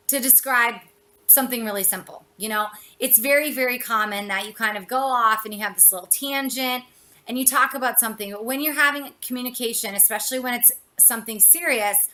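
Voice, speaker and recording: Bright, chatty woman coach. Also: a little high. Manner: chatty, expressive, uses "you know" and "like". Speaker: communication coach. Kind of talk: motivational talk to camera.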